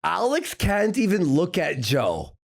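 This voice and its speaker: A man co-hosting a livestream, giggling and teasing in quick asides while reacting to a video. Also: sits high, wildly swooping pitch, gravelly. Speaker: stream co-host.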